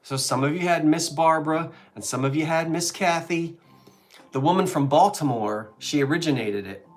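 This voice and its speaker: Faint music sits behind a fairly high-pitched male voice speaking at normal speed. He's a middle-aged Delaware Valley man with a Philadelphia accent, co-hosting a live antiques sale and casually reminiscing with jokey asides.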